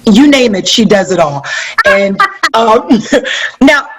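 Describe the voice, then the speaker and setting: A woman hosting an interview, asking quick, eager questions in a casual tone. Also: mid-range voice, lively intonation, poor audio. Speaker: interview host.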